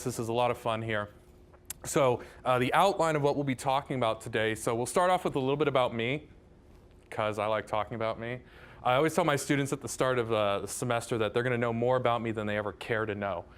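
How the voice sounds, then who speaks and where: A man's voice: medium pitch, fairly bright tone. Male math professor from Southern California giving an upbeat, self-deprecating talk to a general audience. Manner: chatty, enthusiastic, self-deprecating, many "right?" asides. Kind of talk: public lecture.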